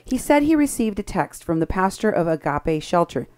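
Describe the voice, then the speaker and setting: A woman hosting a radio talk show, speaking in a polite, measured and steady way. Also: on the low side.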